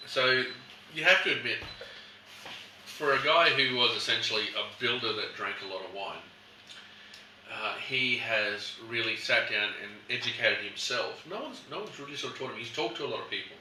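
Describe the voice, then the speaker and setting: A man's voice: mid-range voice, expressive, moderate pace, sharp tone. A man presenting a casual wine tasting in a shop, telling stories and acting out customers. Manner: chatty storyteller, acts out customers. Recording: echoey room, mic at a distance, background noise.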